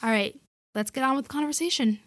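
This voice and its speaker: A woman's voice: high voice, fast, dry recording, studio quality. Upbeat, chatty woman podcast host. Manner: upbeat and chatty, playful emphasis. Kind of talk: casual podcast chat.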